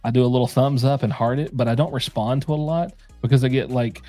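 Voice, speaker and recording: A man's voice: mid-range voice, steady tone, quick pace, warm tone, faint music behind. A man co-hosting a casual live bourbon stream, loose and jokey with a lot of swearing. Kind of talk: casual livestream chat.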